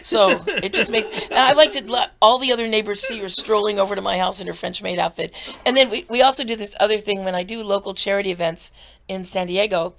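A woman with a bright, gravelly edge to her voice tells funny stories as a guest. She's animated and laughs often as she talks. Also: mid-range voice. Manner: giggly, animated storyteller. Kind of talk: casual comedic chat.

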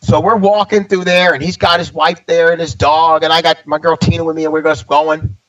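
A man's voice: fairly high pitch, brisk, lo-fi sound, soft background music. A man in his fifties, a stand-up comedian, telling a personal story in casual conversation and acting out what other people said. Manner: animated storyteller acting out quoted dialogue.

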